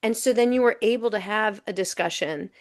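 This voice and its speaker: A woman's voice: medium pitch, a little fast. Chatty woman telling stories in an interview. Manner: animated, chatty, peppered with "you know" and "um". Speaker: guest coach. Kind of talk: casual storytelling in a podcast interview.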